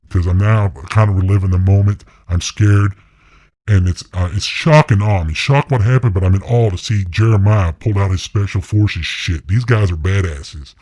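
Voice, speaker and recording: A middle-aged man, an interview guest, telling his hunting story in a blunt, excited way and swearing freely. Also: on the low side, no room sound. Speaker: interview guest, deer hunter. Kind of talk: casual storytelling.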